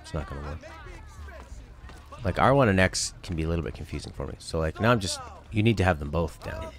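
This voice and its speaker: Brief: deep-voiced young gaming host, lively, chatty and jokey while playing. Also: male voice, fast, soft background music. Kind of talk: casual let's-play commentary.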